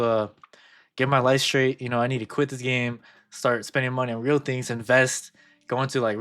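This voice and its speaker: A man's voice: mid-range voice, bright, forceful tone. A man in casual gaming commentary, muttering counts and ranting in bursts of swearing. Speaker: gacha game content creator.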